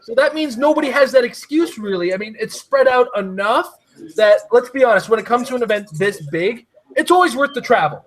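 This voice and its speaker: A man hosting a casual chat who rambles excitedly and laughs often. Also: extremely high pitch, fairly quick, rough recording. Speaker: podcast host.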